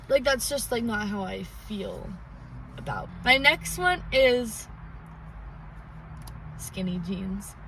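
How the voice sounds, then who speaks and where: A woman's voice: on the high side, fairly bright tone, distant mic, low-quality recording. A young woman co-hosting a podcast, chatting casually and rambling with lots of "like". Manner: rambling, heavy use of "like". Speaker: podcast co-host. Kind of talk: casual chat. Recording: faint noise, a bit off-mic.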